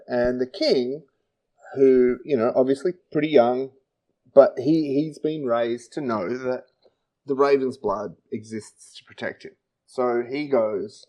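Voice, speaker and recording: A man's voice: medium pitch, slow, warm tone, dull audio. Australian man, rambling podcast chat. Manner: rambling, playful, many fillers. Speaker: podcast co-host. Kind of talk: casual chat.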